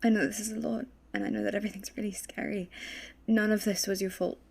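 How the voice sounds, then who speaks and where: A woman voicing a shaken young woman adventurer, speaking softly and haltingly with a husky voice. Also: mid-range voice, level tone. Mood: tender. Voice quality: husky, gravelly. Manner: gentle, halting, soft-spoken.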